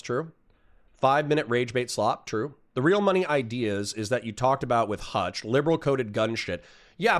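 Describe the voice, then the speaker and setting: Rambling, profane male streamer. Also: mid-range voice. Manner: profane, rambling, reads chat aloud. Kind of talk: casual livestream rant.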